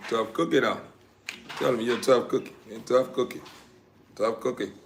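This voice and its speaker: A man's voice: mid-range voice, normal speed, creaky. A man casually chatting on a live stream while he handles his dogs, speaking in a laid-back drawl, repeating phrases and now and then hollering sharply at them. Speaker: dog breeder. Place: indoors with dogs around. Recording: echoey room with faint noise.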